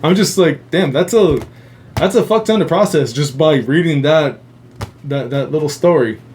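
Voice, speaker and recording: A man's voice: a little high, moderate pace, a little mellow. A man hosting a casual live stream, rambling with heavy swearing and frequent laughter, with a faint hum behind him. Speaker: host.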